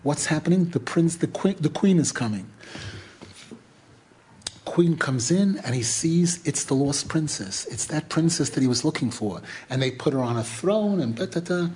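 A man's voice: fairly high pitch, normal speed, a little hiss or hum. A middle-aged man teaching a religious lesson through a retold folk tale, repeating himself and restarting phrases as he goes. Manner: repetitive, animated retelling with many restarts. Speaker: Torah teacher.

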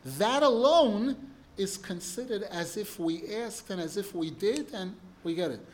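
High-voiced man teaching a text class. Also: expressive, a little slow, slight background noise. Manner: reads Hebrew text aloud, then explains it emphatically. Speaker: Torah teacher.

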